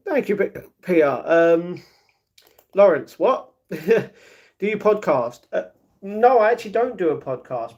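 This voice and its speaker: A young man with a London accent, chatting quickly and rambling as he reads and answers his live chat. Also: fairly high pitch, darkish tone. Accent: London English. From England. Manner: fast, chatty, rambling with fillers. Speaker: live streamer.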